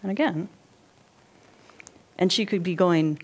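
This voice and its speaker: Animated woman leading a body workshop. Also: lowish voice, moderate pace, pauses often. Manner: animated, checks in with audience often; guides listeners through body movements. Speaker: workshop presenter. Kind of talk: live interactive workshop talk.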